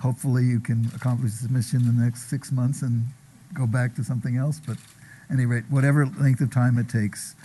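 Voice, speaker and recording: A man's voice: medium pitch, flat delivery, a little fast, mellow, slight background noise. Genial male panel moderator.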